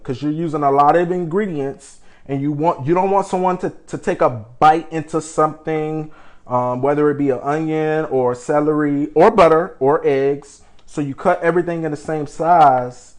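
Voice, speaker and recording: A young man runs a live home cooking demonstration in a slightly high-pitched voice. He chats steadily with his viewers and brags a little about his skills in a playful way. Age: young adult. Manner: chatty, keeps calling the viewers "people", playfully boastful. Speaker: home cook host.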